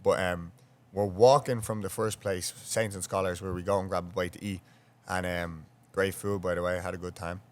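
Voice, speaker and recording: A deep-voiced Irish man chats casually on a podcast. He is eager and talkative, and he sets up stories for his co-hosts. His voice sits low. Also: steady tone, moderate pace, few pauses.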